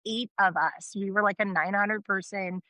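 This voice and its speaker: Woman, thirties, from California; bright, forceful podcast guest, close dry sound, animated storyteller. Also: mid-range voice, normal speed, dry recording. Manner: animated storyteller, acting out quotes. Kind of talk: casual podcast chat.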